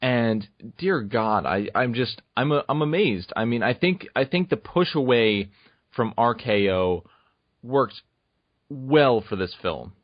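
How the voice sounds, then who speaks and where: A man's voice: mid-range voice, expressive, slow, no echo. Man, casual podcast co-host, emphatic and enthusiastic, dry close sound. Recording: dull, dry lo-fi recording.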